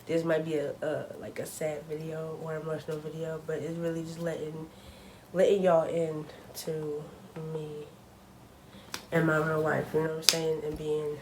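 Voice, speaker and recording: A woman's voice: low voice, monotone, moderate pace, background noise. A young woman talking casually to her camera at home, chatty and full of fillers, openly nervous. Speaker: vlogger.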